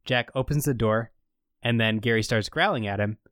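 A man's voice: medium pitch, moderate pace, fairly bright tone, no echo, clean studio sound. Rambling man recapping a show. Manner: rambling storytelling with many fillers. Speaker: podcast co-host recapping a show. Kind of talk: casual chat recap.

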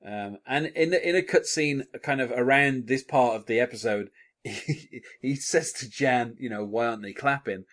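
A man's voice: mid-range voice, unhurried, a bit bright. A man hosting a podcast, chatting enthusiastically about a TV episode, with frequent chuckles and fillers. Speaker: podcast host. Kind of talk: casual TV episode discussion.

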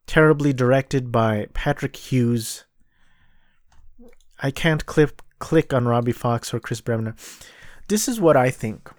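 A man's voice: mid-range voice, expressive, slow, long pauses, no echo, studio quality. A man casually reviewing movies and plays on his own show, blunt and exasperated, repeating himself for emphasis. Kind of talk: casual solo review talk.

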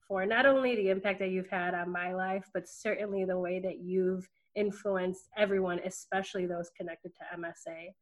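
Appearing as a guest on a podcast, a student affairs worker offers a sincere, heartfelt tribute in a soft voice full of fillers. Her voice sits in the mid range, and the sound is lo-fi.

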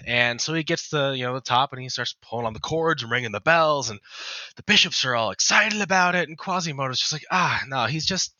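A man's voice: medium pitch, expressive, fast, sharp tone, dry recording, muffled recording. A man co-hosting a podcast, telling a long joke in a rambling, casual way with restarts and swearing. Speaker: podcast co-host.

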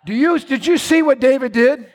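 A male pastor preaching a sermon, swinging between low, quiet asides and loud, shouted lines. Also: normal speed, long reverb tail, slight background noise.

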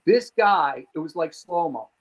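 A man from New Jersey, a podcast guest, telling a story in a lively way, swearing and acting out scenes. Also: on the high side, brisk, rough recording. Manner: animated, swearing, acts out scenes. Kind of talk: profane comic storytelling.

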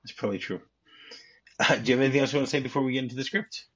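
On his casual film podcast, a host with a husky, mid-range voice chats and reads script passages aloud, adding quick asides. It's recorded in dull, lo-fi audio.

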